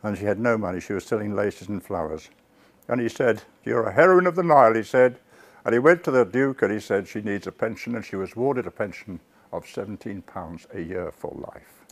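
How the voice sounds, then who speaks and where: A man giving a public history lecture to a live audience. He tells the story with lively asides to the listeners and corrects himself mid-word. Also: fairly low pitch. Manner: self-corrects and restarts words.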